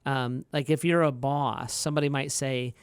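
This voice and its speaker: A man's voice: fairly even intonation, moderate pace, clear, resonant tone, dry recording. A man, a pastor co-hosting a podcast, chatting casually and acting out quotes from his stories. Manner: storytelling, acts out quotes in a higher voice.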